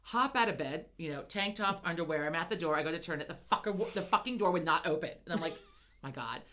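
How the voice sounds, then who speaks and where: A middle-aged woman co-hosting a podcast, telling a story in casual chat, animated, swearing freely and laughing as she goes. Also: lowish voice, quick pace, slight background noise. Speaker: podcast co-host.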